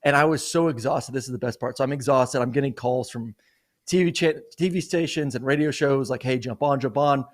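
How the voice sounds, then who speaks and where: A man's voice: mid-range voice, a little fast. Rambling man telling a casual story. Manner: rambling storyteller, many "you know" and "like" fillers. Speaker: co-host. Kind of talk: casual sports podcast chat.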